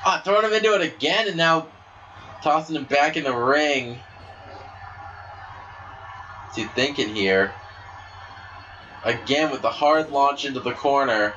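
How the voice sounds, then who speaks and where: A man giving play-by-play commentary on a wrestling video game, excitable and breaking into shouts at big moves. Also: medium pitch, unhurried, long pauses, lo-fi sound. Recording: steady background noise.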